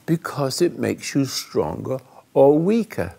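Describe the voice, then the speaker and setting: A man hosting a call-in radio show, telling a story dramatically and swinging between loud and hushed, halting and restarting mid-phrase. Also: medium pitch, big pitch swings, vocal fry, slightly rough.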